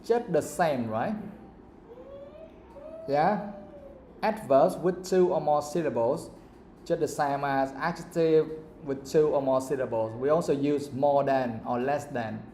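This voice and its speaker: A man's voice: mid-range voice, slow, long pauses, dark tone, reverberant, a little hiss or hum. A man teaching an English grammar lesson, often checking that students understand. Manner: checks understanding with repeated questions.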